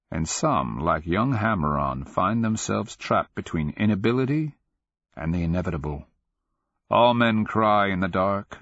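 A man narrating a dark fantasy audiobook in a measured, grave storytelling manner. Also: low voice, dry recording, highs cut off.

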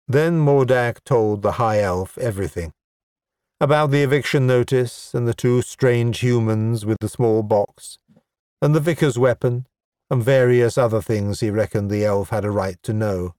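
A man's voice: mid-range voice, moderate pace, darkish tone, dry recording. A man narrating a comic fantasy audiobook with dry, understated delivery.

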